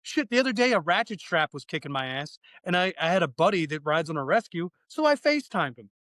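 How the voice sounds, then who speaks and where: A man chatting as a podcast guest about fire training, excitable and profane, acting out bits of dialogue as he talks. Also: high voice, fast talker, no echo. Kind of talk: casual podcast chat.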